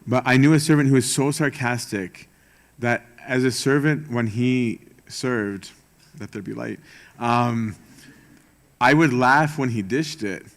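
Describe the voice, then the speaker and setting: Young priest, lower voice, informal, sarcastic preaching, peppers with "right?". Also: male voice. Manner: informal, rhetorical, frequent "right?" and "um"; self-aware sarcastic humor. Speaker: priest giving a retreat talk. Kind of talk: conversational sermon.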